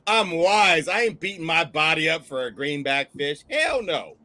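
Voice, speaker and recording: Loud, profane man ranting on a livestream. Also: a little high, very animated, moderate pace. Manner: profane, loud, laughing rants. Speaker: co-host. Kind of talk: casual livestream banter.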